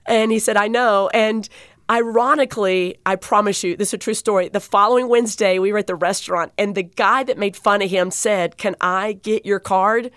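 A woman's voice: medium pitch, steady tone, moderate pace, fairly bright tone, dry recording. Woman, dental assistant, heartfelt storyteller, lots of fillers, dry close sound. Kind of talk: telling a personal story in an interview.

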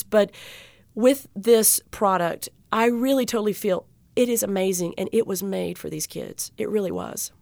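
A woman guest telling a personal story in an interview, animated and getting choked up. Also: mid-range voice, vocal fry, no echo. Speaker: guest speaker.

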